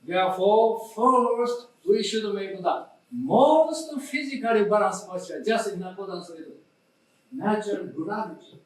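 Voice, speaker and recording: A man with a Japanese accent gives slow, halting posture instructions and repeats each key point. His voice sits high for a man. He is picked up from well away from the mic, in a very echoey hall. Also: lively intonation. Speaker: meditation instructor. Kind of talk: guided posture demonstration. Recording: roomy lecture hall, voice from a distance.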